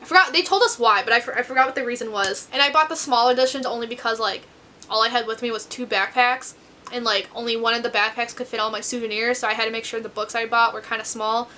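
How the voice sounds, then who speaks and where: Young American woman for a casual home book vlog; high, bright, chatty and rambling, pokes fun at herself. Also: fairly even intonation, quick pace, slight background noise. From United States. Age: 20s. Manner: rambling, chatty, self-deprecating. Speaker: book vlogger. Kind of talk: casual chat to camera.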